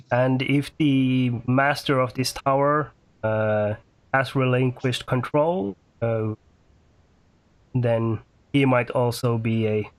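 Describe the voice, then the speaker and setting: A man narrating as game master, hesitant and full of fillers. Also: mid-range voice.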